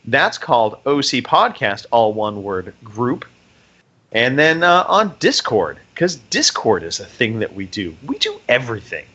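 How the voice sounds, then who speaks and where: Bright-voiced American podcast host. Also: male voice, mid-range voice, sing-song, unhurried, lo-fi sound. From United States. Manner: jokey, rambling announcer reading plugs. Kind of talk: casual podcast chat.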